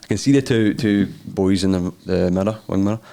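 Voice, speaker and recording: A young Scottish man with a very deep voice, co-hosting a podcast. He teases his friends and tells stories, swearing and laughing as he goes. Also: fairly even intonation, a little fast, gravelly, mellow. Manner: swearing, teasing, laughs a lot. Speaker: podcast co-host. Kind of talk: casual chat, storytelling.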